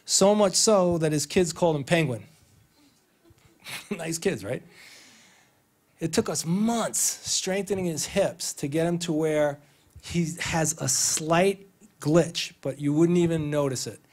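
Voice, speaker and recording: A man teaches a physical therapy training on a theater stage, speaking slowly with long pauses in a slightly high, darkish voice. Even so, he's conversational and enthusiastic, telling stories filled with quoted dialogue.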